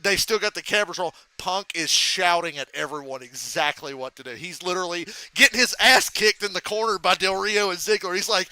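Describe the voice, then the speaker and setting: A man chatting casually on a live stream, telling stories in an animated, profane way. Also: sits high, fairly quick, few pauses, dry recording. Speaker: streamer reacting to a race.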